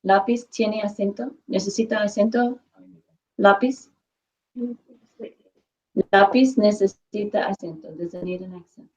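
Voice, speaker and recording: A woman's voice: mid-range voice, normal speed, long pauses, low-quality recording. A woman teaching a Spanish class, patiently quizzing students and repeating their answers.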